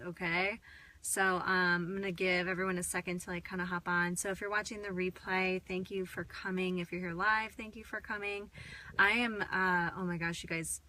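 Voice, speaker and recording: Woman, channeling live stream, slightly hoarse, tired, chatty with fillers and soft laughs, bright voice, inside a car. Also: medium pitch, slight background noise. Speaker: spiritual channeler.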